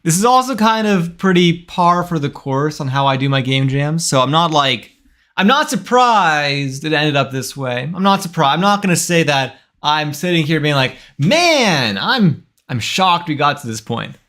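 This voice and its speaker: A man's voice: fairly high pitch, animated, normal speed, sharp tone. A young man in his twenties streaming his game development, talking casually and thinking aloud with frequent restarts. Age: 20s. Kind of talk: casual live-stream talk while coding.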